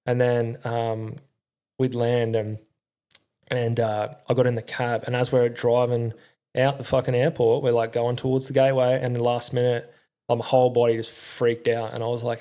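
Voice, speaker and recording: Gravelly, swearing Australian man. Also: medium pitch, level tone, moderate pace, dark tone. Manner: rambling, heavy swearing, slangy. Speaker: podcast guest, former army crew commander. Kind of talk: candid casual storytelling.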